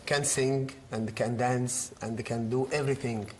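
A man with an Egyptian accent hosts a playful TV interview in halting broken English, stumbling and repeating words as he teases his guest. His first language is Arabic, and his pitch is mid-range for a man. Faint background noise sits under the voice. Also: steady tone, darkish tone. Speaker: TV prank show host.

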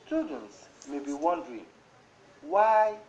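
A woman teacher with a Nigerian accent giving a broadcast classroom lesson, slowly dictating example words one at a time. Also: low-pitched, very animated, a little mellow. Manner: slow, deliberate word-by-word dictation. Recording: dull lo-fi broadcast audio with faint noise.

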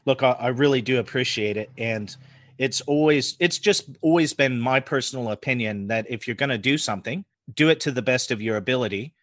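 A man in his forties from the United States with an American accent softened by New Zealand, chatting casually as a podcast guest and laughing often. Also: medium pitch, brisk, no echo, clean studio sound. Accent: American with New Zealand influence. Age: 40s. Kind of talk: casual chat.

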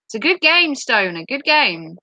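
Woman, livestream host, playful and giggly, bright sharp tone. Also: high-pitched, sing-song, normal speed, dry recording. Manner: giggly, playful, reacts aloud to chat. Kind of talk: casual live chat reading viewer comments.

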